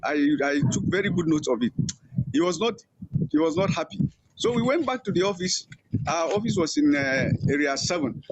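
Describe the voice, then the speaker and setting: An older man with a Nigerian accent, an interview guest telling long stories and acting out the voices of people he quotes. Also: a little hiss or hum. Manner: animated storyteller, acting out quoted voices with higher pitch. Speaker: interview guest, veteran journalist. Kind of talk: storytelling interview. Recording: dull, muffled sound.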